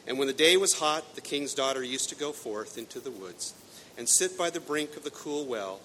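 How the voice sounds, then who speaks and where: A male pastor preaching a sermon, reading a fairy tale aloud with expressive narration. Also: normal speed. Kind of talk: sermon with storytelling. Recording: echoey hall, faint rumble.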